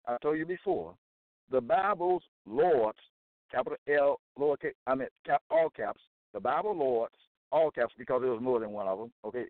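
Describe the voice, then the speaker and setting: A man delivering a deliberate scripture-reading monologue as a self-styled religious teacher, quoting verses and checking in with "okay?". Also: medium pitch, dry recording. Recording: tinny phone-like dry recording.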